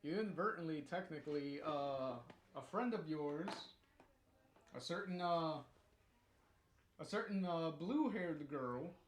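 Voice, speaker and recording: A man's voice: a little high, expressive, measured pace, reverberant. A man casually chatting about the story being read, rambling and hesitant with lots of fillers and chuckles. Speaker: co-host commenting on the story. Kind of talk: casual commentary.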